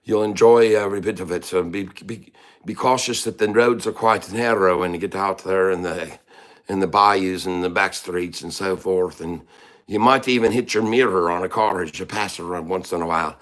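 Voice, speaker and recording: Cheeky Irish leprechaun as a streamer puts him on, put-on Irish accent, boastful and teasing, fairly low male voice. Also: normal speed, a bit bright. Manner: cheeky, mock-tough, teasing chat viewers. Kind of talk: live-stream chat in a put-on voice.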